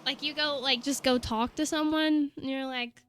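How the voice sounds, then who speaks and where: High, bright-voiced woman. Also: fairly even intonation, moderate pace, slight background noise. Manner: chatty and rambling, teasing her chat. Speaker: streamer. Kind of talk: casual chat with stream viewers.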